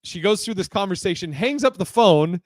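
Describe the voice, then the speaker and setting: Podcast man, a bit high-pitched, dry close sound, spins a profane, animated yarn. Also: normal speed, dry recording. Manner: animated, profane, laughs often. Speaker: podcast co-host. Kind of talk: casual storytelling.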